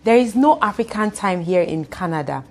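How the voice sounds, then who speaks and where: Fast-talking Nigerian woman vlogger. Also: mid-range voice. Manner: fast-talking, expressive, acts out quoted voices. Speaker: YouTuber. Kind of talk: casual vlog talk to camera.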